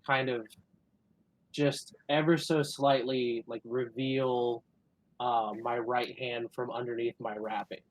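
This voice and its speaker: A man's voice: mid-range voice, slow pace, no room sound, rough recording. A man playing a tabletop game who describes his character's actions tentatively, with many fillers. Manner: filler-heavy, tentative, bursts of excitement at rolls. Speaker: player.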